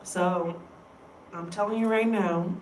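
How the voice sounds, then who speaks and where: A woman's voice: fairly low pitch, fairly even intonation, slow, distant mic, a little hiss or hum. A woman in a casual, rambling monologue, emphatic and profane. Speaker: vlogger. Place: room in an indoor workplace building. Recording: echoey room, voice away from mic.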